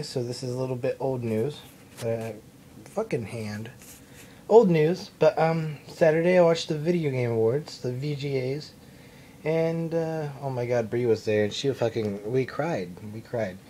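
Filming himself at his mom's house with his camera mic, a young man rambles, swears, and pokes fun at himself in a casual vlog. His voice is mid-range and dark, with a little hiss or hum in the recording.

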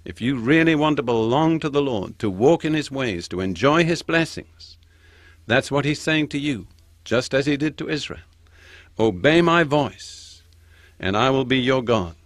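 An older man giving a Bible teaching, slowing down to stress each quoted verse. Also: medium pitch, expressive, a bit bright, dry recording. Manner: slows down and stresses quoted scripture. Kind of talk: sermon-style Bible teaching.

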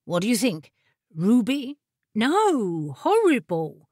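A woman voicing a genial, brisk male court wizard in an audiobook, with an airy, offhand manner. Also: on the high side, huge pitch swings, darkish tone, husky, no room sound, studio quality, exaggerated voice. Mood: breezy. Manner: breezy and offhand. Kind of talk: audiobook character voice.

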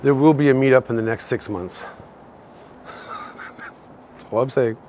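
His mid-range voice swoops wildly in pitch, with a darkish tone and a slightly slow pace, over a little hiss or hum. The speaker, a tipsy-ish Canadian with a Canadian accent, hosts a live-streamed walking tour of an outdoor city shopping street, rambling and chatting to chat viewers as he walks.

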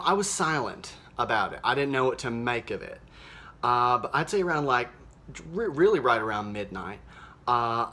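A man playing a cheerful, naive small-town mom, talking in a folksy, rambling way with many fillers in a deadpan comedic monologue. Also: mid-range voice, slight background noise, close to an everyday voice. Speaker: social media show host character.

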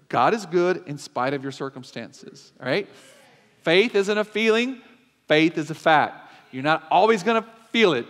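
A male pastor preaching in a church sanctuary in a fairly high voice. He is emphatic and keeps throwing questions to the congregation, while a long reverb carries through the hall. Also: fairly bright tone. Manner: emphatic, call-and-response. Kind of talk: sermon.

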